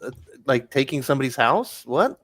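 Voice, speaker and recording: A man's voice: mid-range voice, big pitch swings, moderate pace, dry recording. A man in a casual podcast chat, making skeptical quips.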